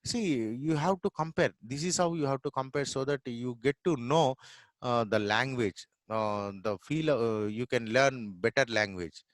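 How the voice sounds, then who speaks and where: A man's voice: mid-range voice, dry recording. Indian man teaching English sounds. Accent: Telugu-influenced Indian English. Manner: repeats sounds and words slowly to demonstrate, many fillers. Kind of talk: informal spoken lesson.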